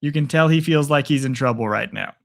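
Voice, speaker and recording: A man's voice: on the high side, a little fast. Chatty man streaming live play-by-play. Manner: chatty, rambling, talks to viewers. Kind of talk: casual live play-by-play and chat. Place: at home. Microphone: phone propped on a picture frame.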